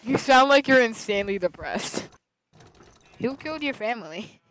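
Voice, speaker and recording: A woman's voice: a little high, expressive, moderate pace, fairly bright tone, low-quality recording. Playful, teasing woman gamer. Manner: playful, teasing, laughs often. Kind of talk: casual gaming chat.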